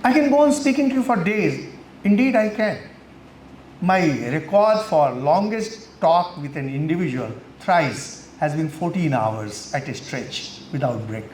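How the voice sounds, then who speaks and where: A spiritual teacher, giving an emphatic lecture to college students and swinging between loud and quiet. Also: male voice, on the high side, animated, measured pace. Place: college hall. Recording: echoey hall, faint noise.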